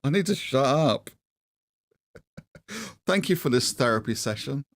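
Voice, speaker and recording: This English livestream host, a middle-aged man, speaks in a mid-range voice that's animated yet unhurried. His casual chat rambles, pokes fun at himself, and is full of restarts, with no echo present.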